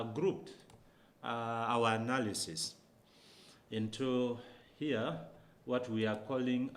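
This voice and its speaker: A man, a professor, giving an academic lecture, posing rhetorical questions and pausing often with hesitations. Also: medium pitch.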